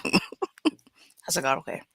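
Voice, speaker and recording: A woman's voice: moderate pace, pushed and bright, dry recording. A woman co-hosting a podcast, chatty and playful, laughing often. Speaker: podcast co-host. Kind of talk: casual chat.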